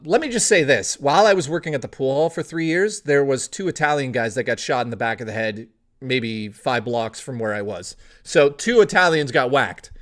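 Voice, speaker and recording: A young man from Toronto streaming, telling a long story in a rambling, animated way, swearing freely. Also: a little high. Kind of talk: casual storytelling on a live stream.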